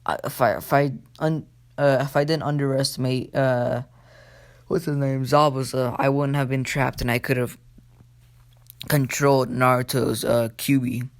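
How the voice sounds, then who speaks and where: A man voicing a flustered adult ninja teacher who speaks haltingly. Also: mid-range voice, steady tone, lightly acted.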